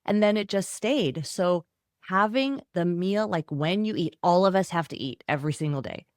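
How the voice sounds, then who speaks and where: Woman, middle-aged, author guest, lowish voice, dry close sound, animated storytelling. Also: moderate pace, no echo. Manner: animated, acts out quoted voices. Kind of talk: podcast interview.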